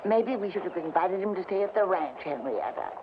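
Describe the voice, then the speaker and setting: A salty frontier grandma, played by a woman, quick with a folksy wisecrack. Her pitch leaps around with lively, animated swings. The old TV soundtrack is dull and muffled, with a heavy hiss running under it. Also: close to an everyday voice. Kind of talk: 1960s TV western comedy acting.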